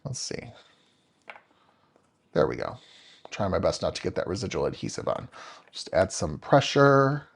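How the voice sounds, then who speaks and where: Chatty man with a lively voice. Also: low voice, a little slow, gravelly, long pauses, husky. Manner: chatty, upbeat, talks to viewers by name while working. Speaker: card-making tutorial host. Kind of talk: live-stream crafting demo.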